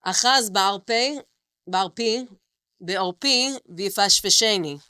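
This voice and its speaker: A woman's voice: medium pitch, slow pace, sharp tone, smooth, no echo. A woman teaching a text study class, reading passages aloud with feeling and then explaining them.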